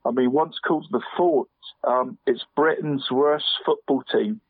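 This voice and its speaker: A man's voice: mid-range voice, measured pace, breathy edge, no room sound. A man in his forties on a radio show, chatting casually and rambling about football, dropping "mate" into nearly every sentence. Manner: rambling, says "mate" constantly. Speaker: football pundit guest. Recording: dry, tinny phone line.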